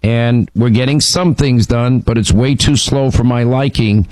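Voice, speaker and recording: A man's voice: medium pitch, a little slow, a little mellow, dry recording, rough recording. Radio host, man; emphatic, restarts often; dry studio mic. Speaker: radio talk show host. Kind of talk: call-in talk radio. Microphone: studio microphone.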